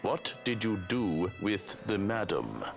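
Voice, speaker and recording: A man's voice: slow, gravelly, over music, full character voice. An actor playing a menacing young male killer in a video game, speaking in a taunting, threatening way. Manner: taunting, threatening, with lively pitch.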